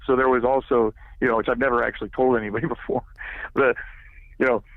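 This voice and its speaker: A man's voice: mid-range voice, level tone, fast, no echo. A man telling a personal story as a podcast guest, rambling and leaning heavily on filler words, heard over a tinny phone-like line.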